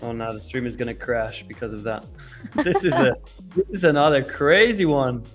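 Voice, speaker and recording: A male co-host on a live trading stream, chatting casually, laughing often and calling out names quickly during a giveaway. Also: medium pitch, expressive, faint music behind.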